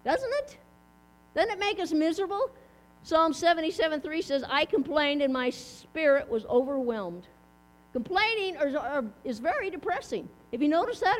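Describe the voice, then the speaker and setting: A middle-aged woman giving a chatty, folksy sermon, asking her listeners questions. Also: high voice. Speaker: preacher. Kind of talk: casual sermon. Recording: mains hum underneath.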